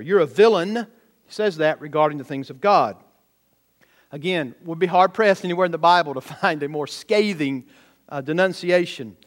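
A male preacher delivers a sermon in a fairly high voice. He talks emphatically and keeps turning to the congregation with rhetorical questions. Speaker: pastor.

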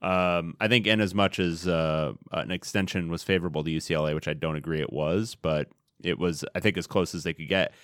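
A man's voice: deep voice, fairly even intonation, brisk, a bit bright, clear, resonant tone, dry recording. A man co-hosting a sports podcast, giving dry, matter-of-fact analysis with wry jokes. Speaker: podcast co-host.

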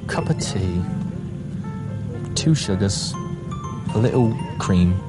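A man's voice: on the low side, animated, loud music behind the voice. A man putting on a theatrical mock British accent as a posh tea-drinking gent. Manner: slow, drawn-out and theatrical. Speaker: football player.

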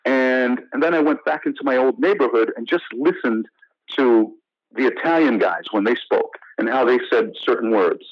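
An American actor being interviewed, telling stories in a casual, animated way with many restarts and "you know" fillers. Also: male voice, mid-range voice, moderate pace, no room sound, highs cut off. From United States. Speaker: actor guest.

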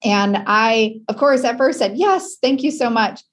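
A woman's voice: a little high, expressive, unhurried. A middle-aged woman from Wisconsin, a guest in an interview, telling a personal story earnestly and with feeling.

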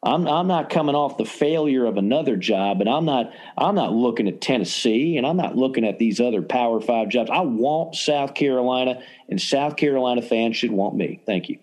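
A man's voice: mid-range voice, animated, moderate pace, hardly any pauses, darkish tone, lightly acted. A man voicing a boastful Southern college football coach at a mock press conference, with a put-on Southern accent and brash, self-promoting talk.

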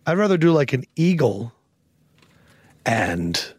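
A man's voice: mid-range voice, big pitch swings, darkish tone, breathy edge, no room sound. A man hosting a sports podcast, riffing in casual chat and freely sharing opinions. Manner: opinionated, quick to riff. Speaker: podcast host.

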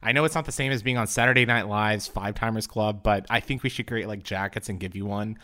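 Easygoing male podcast host with a lowish voice and lots of fillers. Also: fairly even intonation, fast talker, sharp tone. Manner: conversational with many fillers. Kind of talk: casual podcast interviewing.

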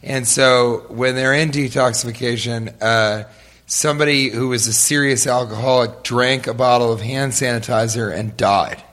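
A man's voice: mid-range voice, fairly even intonation, moderate pace, a bit bright. Dry-joking man on a podcast. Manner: dry joking, riffs with mock voices. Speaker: podcast co-host. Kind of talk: casual comedic chat. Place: live show before an audience.

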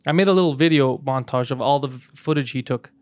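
A man's voice: medium pitch, no echo. A man hosting a comedy podcast, telling crude stories in casual chat and acting out other people's lines. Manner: fast, crude storytelling with acted quotes. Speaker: podcast host.

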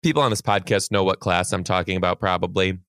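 Getting worked up and swearing, a young man recounts a tale from his time as a teacher on the podcast he co-hosts, in an animated, casual storytelling chat. He talks quickly in a low, somewhat bright voice, with a dry recording and clean studio sound.

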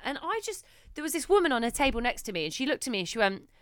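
A woman, co-hosting a casual podcast and telling a story in an animated way, swearing now and then and acting out what people said. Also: sits high, quick pace, dry recording, studio quality. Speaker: podcast co-host. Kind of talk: casual chat.

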